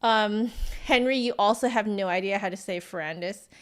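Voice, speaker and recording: A woman's voice: medium pitch, normal speed. Chatty American woman flutist. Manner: chatty and friendly, with many ums and likes. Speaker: flutist streamer. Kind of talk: casual livestream chat answering viewers.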